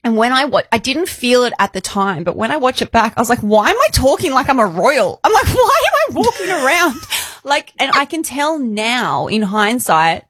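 An animated woman in her thirties co-hosts a podcast and teases her friends. Her voice sits a little high and jumps around a lot. The studio sound is dry and close. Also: moderate pace, breathy edge, no room sound. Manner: animated, teasing, laughs a lot. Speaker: podcast co-host. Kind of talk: casual storytelling chat.

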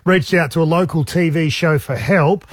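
A man's voice: fairly high pitch, normal speed, husky, no room sound. An Australian man hosting a breakfast radio show, chatting and telling jokey stories in a studio. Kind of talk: casual radio banter. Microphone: studio mic with headphones.

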